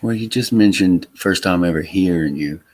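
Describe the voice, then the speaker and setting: A man from Louisiana hosting a casual livestream chat, talking in a halting way with many fillers and restarts. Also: deep voice, a little mellow. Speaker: livestream host. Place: Texas home.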